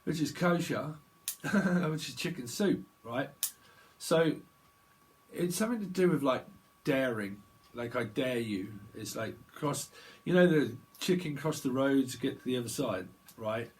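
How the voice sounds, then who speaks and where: A man's voice: medium pitch, animated, a little slow. A man giving a rambling psychic tarot reading, chatty and digressive, laughing often. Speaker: tarot reader.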